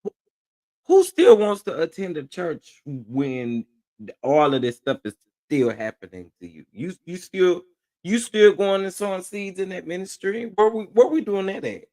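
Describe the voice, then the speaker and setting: Male commentary host, lively swinging pitch, incredulous and amused. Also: normal speed. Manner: incredulous and amused, laughing often. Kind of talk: reaction commentary.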